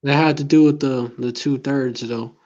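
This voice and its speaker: A man's voice: medium pitch, steady tone, normal speed, a little mellow, dull audio. A man in a casual chat who talks earnestly about religious teachings and reads scripture aloud. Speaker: conversation partner.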